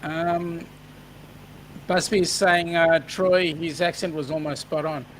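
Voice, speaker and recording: A man's voice: on the high side, fairly even intonation, slow, a bit bright, a little hiss or hum, rough recording. An Australian man hosting a casual live-stream chat, reading out viewer comments and joking along. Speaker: host.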